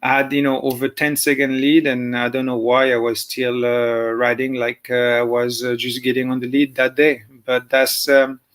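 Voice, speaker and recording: A man with a French accent, a former motocross champion talking as a guest in a casual interview, halting with many fillers and restarts. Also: mid-range voice, level tone, fairly bright tone. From France. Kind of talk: casual interview over a call.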